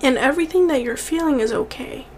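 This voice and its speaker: A young woman speaks straight to the camera in an earnest, heartfelt way, her slightly high voice doubling back on words to stress them. Tears creep in now and then. A faint hiss sits under the recording. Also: fast. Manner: earnest, repeats words for emphasis. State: tearful at times. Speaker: vlogger. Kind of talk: heartfelt direct-to-camera encouragement.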